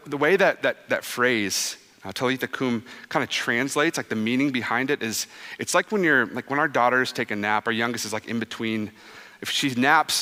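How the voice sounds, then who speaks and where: A man in his thirties preaching a sermon in an easy, conversational storytelling way, his voice bright and forward. He sinks to a hushed, low tone for quoted lines. The sound carries a long church-hall reverb. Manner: drops soft and low for quoted words. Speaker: pastor. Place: church sanctuary.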